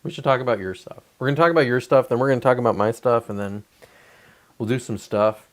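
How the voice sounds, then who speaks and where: Man, forties, livestream host, casual rambling, profane, digressive, middle pitch. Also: quick pace. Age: 40s. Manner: profane, digressive, mocks whiners in high whiny voices.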